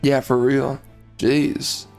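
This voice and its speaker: A man giving casual gameplay commentary, ranting bluntly in a hoarse voice and dropping mild minced swears. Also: mid-range voice, flat delivery, drawn-out words, darkish tone, soft background music.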